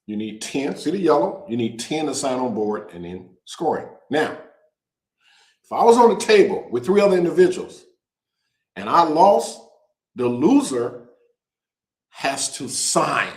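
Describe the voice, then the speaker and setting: A man hosting a casual show, talking to viewers in an animated, joking way and drawing out words for emphasis. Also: fairly high pitch, unhurried, long pauses, roomy sound, low-quality recording. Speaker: host. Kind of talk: casual direct-to-camera promo talk.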